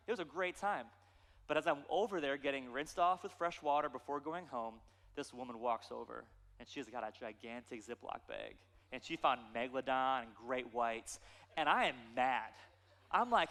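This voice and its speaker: A man, a pastor preaching a sermon with animated, playful storytelling. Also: medium pitch, moderate pace, big-room sound.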